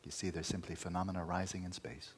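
A man's voice: sits low, level tone, fast talker, slight background noise. A man teaching meditation in a dharma talk, emphatic, repeating key words and at times dropping to a near-whisper.

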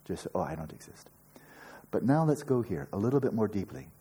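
A man's voice: on the low side, very animated, brisk, dark tone, slightly rough. An older man giving a meditation teaching, earnest and explanatory, with playful asides and frequent rhetorical questions. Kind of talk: dharma talk to retreat students.

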